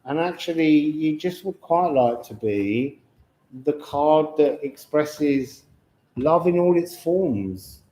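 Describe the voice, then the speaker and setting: A man giving an unscripted card reading to viewers, slow and musing with chatty asides. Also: a little high, lively intonation, mellow. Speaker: tarot and astrology reader. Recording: echoey room.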